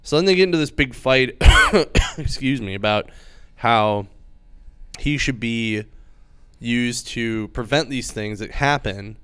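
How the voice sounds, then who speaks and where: Man rambling excitedly, very smooth dry voice. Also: medium pitch, slow pace, dry recording. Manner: rambling, filler-heavy, enthusiastic retelling. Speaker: comic book podcast host. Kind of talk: casual chat.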